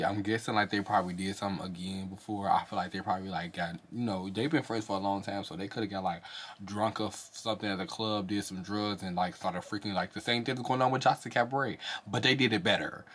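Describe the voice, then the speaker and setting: A young man giving a casual, profane review of a reality show, talking fast and breaking into high mocking voices now and then. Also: fairly bright tone, slight background noise.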